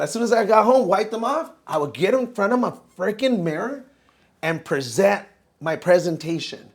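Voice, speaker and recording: Animated man telling his story. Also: high voice, normal speed. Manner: animated, says bro a lot. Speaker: podcast guest. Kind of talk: casual storytelling.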